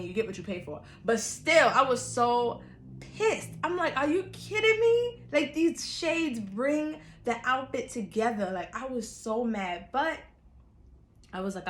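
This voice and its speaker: A young woman vlogger from New York, telling a storytime in a chatty, animated way with casual slang. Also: fairly high pitch, reverberant.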